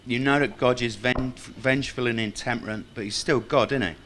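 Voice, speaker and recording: A man's voice: mid-range voice, fairly even intonation, brisk, a bit bright, a little hiss or hum. A man speaking at a tribute evening, reciting a tribute poem and telling wry, self-mocking anecdotes to a live audience. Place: club function room with live audience.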